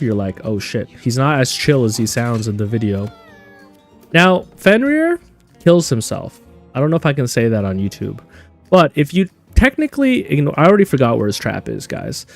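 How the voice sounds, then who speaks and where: A man's voice: mid-range voice, darkish tone. A man live-streaming a game, talking chattily and answering viewers' questions as he plays. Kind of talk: live gameplay stream commentary.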